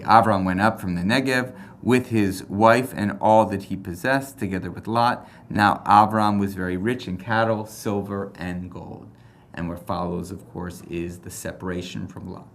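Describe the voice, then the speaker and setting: A man with a fairly low voice teaches a recorded class. He reads passages aloud, then breaks into animated rhetorical questions, stopping and restarting as he thinks aloud.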